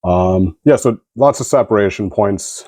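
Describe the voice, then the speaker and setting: A man giving a relaxed, rambling review of an action figure as a channel host, with plenty of fillers like "kinda" and "you know.". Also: fairly low pitch, measured pace, no room sound. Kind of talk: casual product review.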